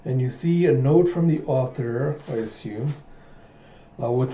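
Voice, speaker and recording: A man's voice: mid-range voice, unhurried, dark tone. A man doing a casual manga readthrough, retelling scenes and acting out the lines. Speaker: reader, channel host. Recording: echoey room, muffled lo-fi mic.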